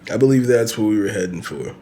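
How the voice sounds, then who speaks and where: A man's voice: on the low side, animated, quick pace, warm tone, slight background noise. A man hosting his own podcast, talking casually and profanely in a loose, rambling way with bursts of laughter. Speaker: podcast host. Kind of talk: casual solo podcast rant.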